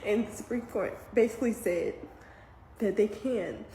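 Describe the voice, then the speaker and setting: A woman's voice: mid-range voice, normal speed, dark tone. A mother giving earnest, emotional commentary to camera, near tears as she speaks. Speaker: parent reacting to news. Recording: echoey room with faint background noise.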